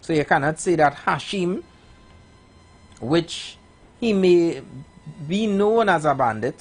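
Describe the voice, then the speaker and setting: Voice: medium pitch, expressive, slow pace, soft background music. A radio host with a Trinidadian accent, talking in playful, rambling live banter with many fillers and restarts.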